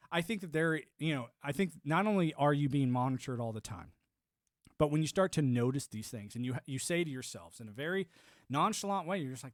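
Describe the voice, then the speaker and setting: A man's voice: fairly high pitch, no room sound, clean studio sound. A man hosting a livestream, giving casual political commentary in a ranting way, often repeating words and mocking the voices he quotes. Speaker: livestream host.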